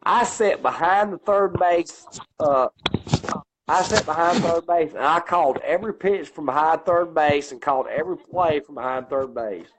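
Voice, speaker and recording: A man's voice: moderate pace, noisy background. Profane Southern man telling stories. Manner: loud, profane storytelling, acting out his own coaching lines in a deep growl. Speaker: co-host. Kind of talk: casual storytelling chat.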